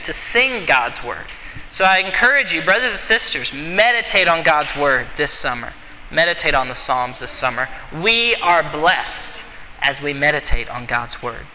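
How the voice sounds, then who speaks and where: A man's voice: fairly high pitch, bright, forceful tone, slight background noise. A man preaching a sermon to his congregation, earnestly urging them and repeating his key phrases. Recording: long hall reverb, faint ambience.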